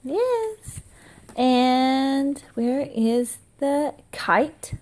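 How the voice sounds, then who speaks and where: A woman asks her toddler question after question in a slow, lilting voice, stopping to praise her and to make animal noises. Her voice sits a little high and sounds soft and mellow, and she draws every word out. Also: expressive. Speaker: mother. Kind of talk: quizzing a toddler with flash cards.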